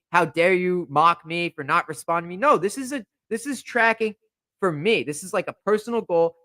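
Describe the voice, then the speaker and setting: A man's voice: high-pitched, a bit bright, no echo. Fired-up young male podcast host. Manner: fired-up, indignant, repetitive. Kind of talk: heated podcast rant. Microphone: podcast microphone.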